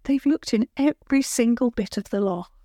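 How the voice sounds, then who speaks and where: A woman's voice: on the high side, moderate pace, mellow, no room sound, clean studio sound, pitched above the performer's own voice, lightly acted. A woman voicing a helpful talking hare who speaks for the animals. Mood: brisk.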